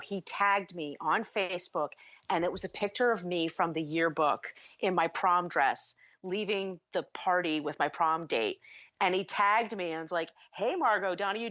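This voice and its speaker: A woman in her forties, co-hosting a podcast in casual chat, telling stories with swearing and rising indignation. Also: lowish voice. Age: 40s. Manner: animated storyteller, swears freely when ranting. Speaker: podcast co-host. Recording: dull lo-fi sound.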